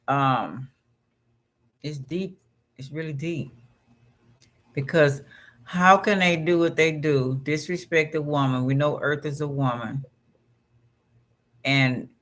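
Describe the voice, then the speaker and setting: Casual man reading aloud, slightly high. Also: a bit bright. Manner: casual, conversational asides. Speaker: vlog host. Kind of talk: reading astrology text aloud and chatting.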